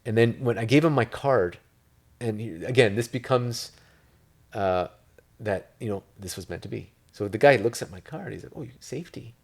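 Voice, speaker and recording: A man from Italy, appearing as an interview guest, talks loosely and ramblingly about real estate, full of filler words. His voice is lowish and his speed normal in this casual interview.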